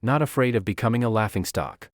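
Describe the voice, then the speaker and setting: A man's voice: lowish voice, fast, no room sound, studio quality, lightly acted. A man voicing a sly young lord who pretends to be blind, pleading in a wheedling, mock-pitiful way.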